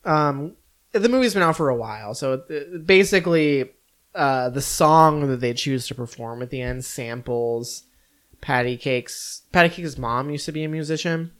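A man's voice: a little high, normal speed. A man chats loosely about a film he just watched. His talk rambles and leans on "like" and "you know" fillers. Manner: relaxed, rambling, many "like" fillers. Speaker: podcast co-host reviewing films. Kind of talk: casual chat.

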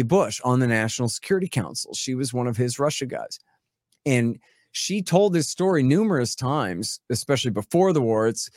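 A man's voice: mid-range voice, no echo, clean studio sound. A man speaking as a guest expert in a casual podcast conversation, rambling and sarcastic, swearing freely.

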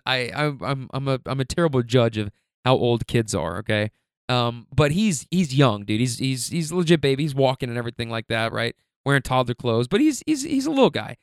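Young man with smooth, clear voice. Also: on the high side, dry recording, clean studio sound. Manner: animated, laughing, slangy, frequent restarts. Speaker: rideshare driver telling stories. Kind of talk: casual storytelling monologue.

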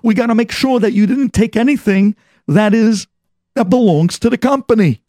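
A man's voice: high voice, moderate pace, mellow, no room sound, clean studio sound, voice pushed up, lightly acted. A man voicing a blunt armed security guard who orders people around. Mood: brusque. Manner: brusque, ordering.

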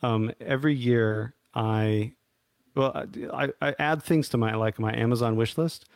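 A man's voice: medium pitch, fairly even intonation, normal speed, no echo, clean studio sound. A man in casual reflective conversation, hesitant and full of fillers and restarts.

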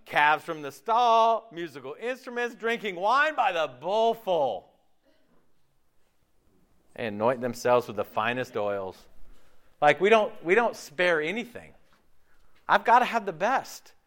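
Speaking casually and conversationally, a pastor preaches while firing off rhetorical questions and imitating quoted voices. He has a slightly high, fairly bright voice.

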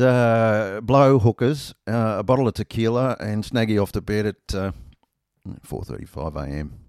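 A man's voice: deep voice, a little mellow, no echo, clean studio sound. A middle-aged Australian man telling a rambling, self-mocking anecdote in casual chat, full of ums and uhs.

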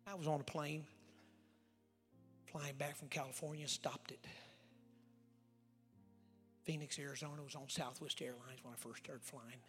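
A man preaching a sermon as a visiting evangelist, telling stories in a folksy way and acting out the dialogue, swinging from loud outbursts to hushed whispers. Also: a little high, fairly even intonation, moderate pace, pauses often, long reverb tail, soft background music. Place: church sanctuary.

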